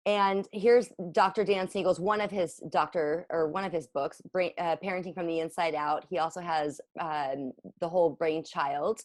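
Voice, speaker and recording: A woman's voice: fairly low pitch, steady tone, moderate pace, hardly any pauses, no room sound, studio quality. A woman in her forties, a parent coach, giving an earnest, encouraging workshop presentation with slides. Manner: earnest, encouraging, repeats for emphasis.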